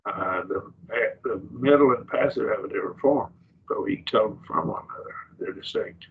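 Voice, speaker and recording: Low gravelly man teaching a Bible class. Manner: explains slowly with restarts and rhetorical questions. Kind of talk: classroom lecture. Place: church classroom. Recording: distant, muffled classroom recording.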